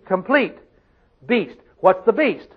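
Man, high voice, preacher, emphatic sermon, questions to congregation, muffled recording. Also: very animated, slow pace, breathy edge.

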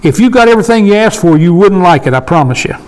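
A man's voice: sits high, animated, fast, a little mellow, a little hiss or hum, low-quality recording. A man in his sixties leading a casual Bible study discussion, emphatic and repeating his points for stress. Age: 60s.

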